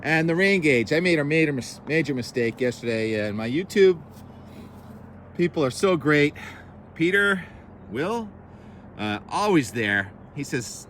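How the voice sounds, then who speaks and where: A man's voice: medium pitch, expressive, a little slow, fairly bright tone, a little hiss or hum. A man hosting a casual weather talk, rambling and correcting himself as he goes. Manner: chatty, rambling, self-correcting asides. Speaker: weather show host.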